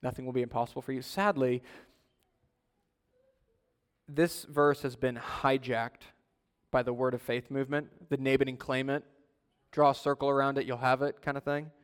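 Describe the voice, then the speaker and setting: A male pastor preaching an earnest sermon, swinging between loud urging and soft, low pleading. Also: steady tone, moderate pace, clean tone. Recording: long hall reverb.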